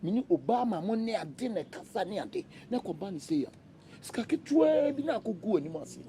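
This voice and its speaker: A man's voice: high-pitched, sing-song, brisk, warm tone, slight background noise. A man with a Ghanaian accent, pleading and wheedling for money in a comedy skit. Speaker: son posing as a rich returnee from America. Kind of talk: comedy skit dialogue mixing English and Twi.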